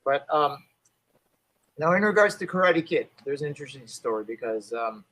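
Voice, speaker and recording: A man's voice: a little high, lively intonation, moderate pace, a bit bright, rough recording. A man in his fifties, a martial arts instructor and actor, telling a story in a casual interview. He is loose and chatty, full of "you know", and acts out the people he quotes.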